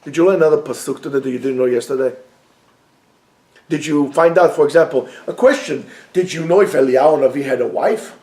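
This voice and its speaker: A man teaching a lively Torah class to students, joking and mixing in Hebrew phrases. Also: fairly high pitch, fairly quick, reverberant.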